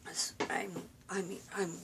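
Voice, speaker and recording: A tired woman rambling in a personal vlog from a room at home, halting and confiding, full of fillers and restarts. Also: medium pitch, flat delivery, vocal fry, background noise. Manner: weary, confiding. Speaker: vlogger.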